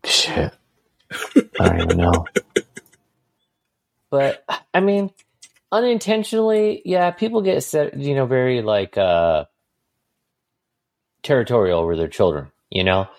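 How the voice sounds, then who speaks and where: A podcast co-host giving casual opinions, animated and profane, often laughing. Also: male voice, medium pitch, unhurried, creaky, long pauses. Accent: Californian. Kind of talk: casual chat.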